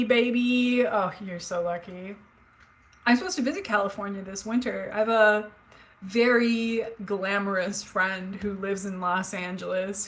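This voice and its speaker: A woman's voice: medium pitch, a bit bright, rough recording. A woman in her forties hosting a livestream, chatting casually and candidly with viewers, rambling through stories with fillers and the odd swear. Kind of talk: casual chat with live chat. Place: home, indoors.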